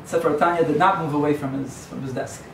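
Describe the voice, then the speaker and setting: A man's voice: a little high, quick pace, gravelly. A man, a rabbi, giving a sermon in a digressive, joking storyteller's way, recorded in an echoey hall from far off. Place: yeshiva lecture hall. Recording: echoey hall, far from the mic, faint hum.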